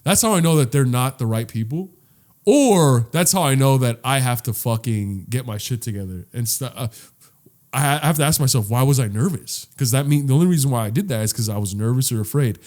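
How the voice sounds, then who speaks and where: A man's voice: medium pitch, animated, fairly quick, darkish tone. A young man co-hosting a casual podcast, talking earnestly and swearing freely, often repeating words as he builds his point. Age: young adult. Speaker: podcast co-host.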